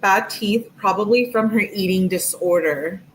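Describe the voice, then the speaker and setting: A woman's voice: mid-range voice, unhurried, a little hiss or hum. A woman hosting a live stream, giving casual commentary in a sarcastic, mocking way and laughing often.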